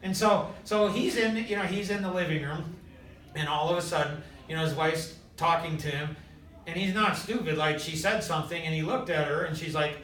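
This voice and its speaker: High-voiced man telling a story. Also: normal speed, recorded from a distance. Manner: animated, quotes others in short bursts, filler "like". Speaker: host. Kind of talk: casual storytelling chat. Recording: echoey room, voice from afar.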